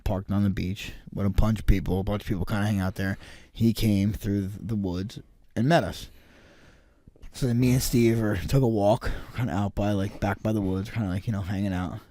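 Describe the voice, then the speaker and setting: A man's voice: lowish voice, normal speed, no room sound, studio quality. A man co-hosting a podcast in casual chat, telling stories with lots of swearing and acting out the people he quotes. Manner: animated storyteller, swears freely, acts out quoted people. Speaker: podcast co-host.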